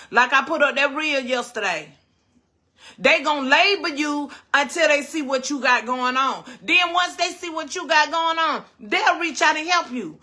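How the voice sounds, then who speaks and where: High bright woman preaching. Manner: animated, preachy rhetorical questions. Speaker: cooking show host. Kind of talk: casual livestream chat.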